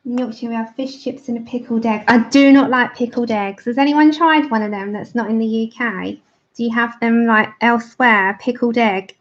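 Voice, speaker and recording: An English livestreamer chats while she colours, narrating each stage of the process. Her slightly high voice keeps a steady tone at normal speed, and the sound quality is dull and lo-fi.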